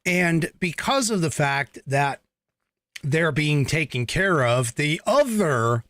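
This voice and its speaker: A man's voice: on the high side, lively intonation, slow pace, fairly bright tone, no echo. A man from the United States hosting a podcast, giving a blunt, emphatic political commentary monologue with profanity. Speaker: podcast host.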